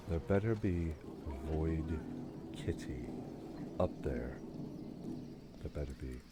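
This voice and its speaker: A man's voice: rumbling low, expressive, takes it slowly, long pauses, background noise. A man streaming a strategy game live, playfully making meowing noises while he chats. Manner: playful, silly cat noises. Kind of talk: live gameplay commentary.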